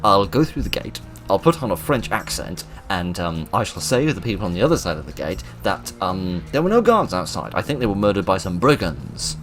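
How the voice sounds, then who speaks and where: A man giving let's play commentary, excitable and self-mocking, reading game lines aloud in put-on voices. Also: low-pitched, brisk, few pauses, faint music behind. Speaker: gaming video host.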